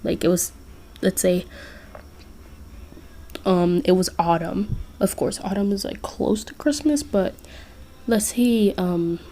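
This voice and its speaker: A woman's voice: medium pitch, slow pace, long pauses, dark tone. A woman casually narrating a fan-made story, giggling and rambling with fillers.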